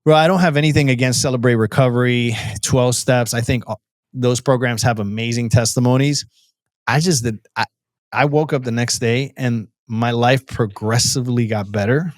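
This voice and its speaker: A man's voice: mid-range voice, steady tone, moderate pace, no room sound, clean studio sound. A man as a podcast guest telling his personal testimony in an earnest, storytelling way, with frequent restarts and a casual "bro" to the host.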